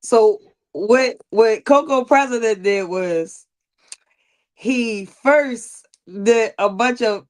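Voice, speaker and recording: A woman's voice: a little high, slow, darkish tone. A woman co-hosting a casual talk stream, joking and explaining things step by step like a teacher. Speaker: podcast co-host. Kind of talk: casual chat.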